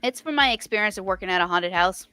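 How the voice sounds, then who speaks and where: A woman's voice: medium pitch, animated, fast, pushed and bright, smooth, soft background music. A woman chatting casually about her writing on a live stream, rambling with many restarts. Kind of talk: casual chat.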